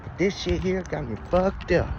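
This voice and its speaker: A man with a high voice spins a rambling, foul-mouthed comic tale in loose slang. The sound is muffled and dull, and steady street traffic noise runs behind him. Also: normal speed. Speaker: storyteller.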